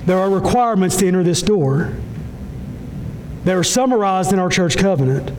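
A pastor preaching a sermon with impassioned, repetitive phrasing that swings between soft low lines and raised high ones. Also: male voice, lively intonation, normal speed, slight background noise, poor audio. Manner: impassioned, repetitive preaching with sudden drops and rises in pitch.

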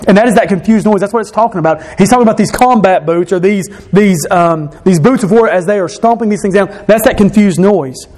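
High-voiced man preaching a sermon. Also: darkish tone. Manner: explains scripture verse by verse, repeats key phrases; slows and drops his voice for emphasis.

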